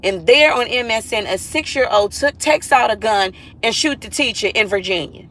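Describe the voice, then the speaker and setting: A woman's voice: fairly high pitch, animated, normal speed, fairly bright tone, a little hiss or hum, low-quality recording. A mother talking to viewers in a casual vlog monologue, earnest and emphatic, repeating herself and pleading with listeners.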